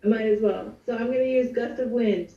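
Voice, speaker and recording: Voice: medium pitch, normal speed, echoey room, recorded from a distance, dull audio. A player in a tabletop game who thinks aloud hesitantly while checking spells.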